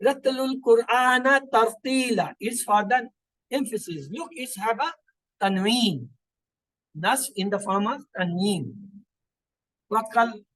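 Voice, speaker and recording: A man teaching Quranic Arabic grammar in a slow, deliberate way, repeating terms and pausing now and then to find words. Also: high voice, a bit bright, no room sound, rough recording. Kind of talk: recorded Quran grammar lesson.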